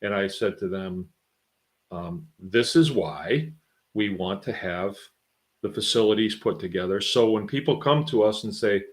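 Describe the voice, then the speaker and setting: A man's voice: fairly low pitch, a little slow. A middle-aged man hosting his own farm show, talking in a folksy, rambling, conversational way with lots of fillers. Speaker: podcast host and farmer. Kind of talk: casual monologue.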